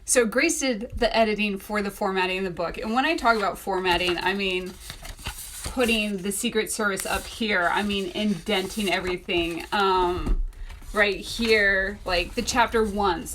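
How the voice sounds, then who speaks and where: A young adult woman casually telling a personal story, acting out what people said with sudden high pitch jumps. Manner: animated, acts out quotes with sudden pitch jumps. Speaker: self-published author.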